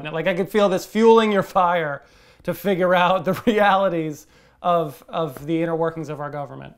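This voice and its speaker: Male podcast co-host with a high voice and an emphatic, laugh-prone delivery. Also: normal speed, faint music behind. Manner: animated, emphatic, laughing often. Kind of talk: casual chat.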